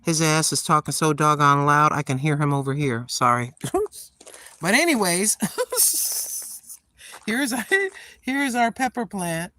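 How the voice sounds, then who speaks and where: A woman's voice: low-pitched, expressive, slow, pushed and bright, slight background noise. An older woman chatting casually to viewers while watering her garden outdoors, filming on a handheld phone. She sounds tired and refers to herself as Granny. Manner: chatty, self-talking, calls herself Granny. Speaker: vlogger. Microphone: handheld phone camera.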